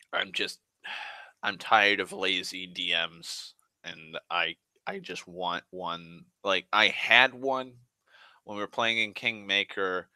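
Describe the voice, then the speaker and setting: Low-voiced rambling young man. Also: sharp tone, no room sound. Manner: rambling, full of "like", restarts and swearing. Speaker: online show host. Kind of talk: casual rambling monologue.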